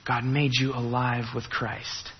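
A man's voice: mid-range voice, monotone, slow pace, slight background noise. A man preaching a sermon, emphatic, repeating key phrases and asking rhetorical questions. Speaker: pastor. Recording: reverberant hall, dull lo-fi sound.

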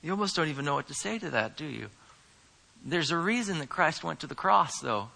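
A male pastor delivering a sermon earnestly, moving between hushed asides and emphatic stresses. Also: fairly high pitch, animated, a little fast, creaky, long reverb tail.

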